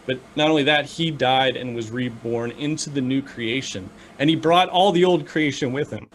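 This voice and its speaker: A man's voice: medium pitch, a little hiss or hum. A man co-hosting a casual discussion, speaking earnestly and restarting his sentences often. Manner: earnest, halting with many restarts. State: choked up with emotion. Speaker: podcast co-host.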